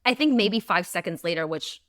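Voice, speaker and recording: A woman in her thirties co-hosts a casual podcast, her voice swinging widely between low murmurs and excited peaks. She tells stories with expressive energy. The recording is close and dry. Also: fairly quick, no room sound. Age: 30s. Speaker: podcast co-host. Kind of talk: casual chat.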